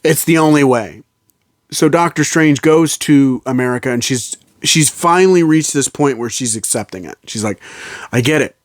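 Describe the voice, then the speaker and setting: A man talks through a film's plot in a loose, casual review. He rambles with frequent fillers and restarts, at a middle pitch. The sound is dry and close. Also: normal speed, no echo. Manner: rambling, fillers and restarts, slips into quoted lines. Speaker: movie reviewer. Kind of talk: casual spoiler recap of a film.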